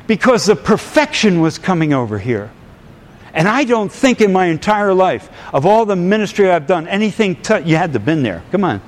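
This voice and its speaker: A man preaching, telling a personal story with animation and building into fervent exhortation. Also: sits high. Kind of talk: sermon with storytelling. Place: church sanctuary. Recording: long hall reverb.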